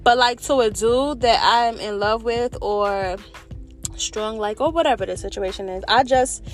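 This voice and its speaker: A vlogger, an adult with children, speaks candidly and directly to her viewers in a fairly high voice, unhurried yet expressive. Her talk is animated and slangy, with the occasional curse word, while soft music plays faintly underneath.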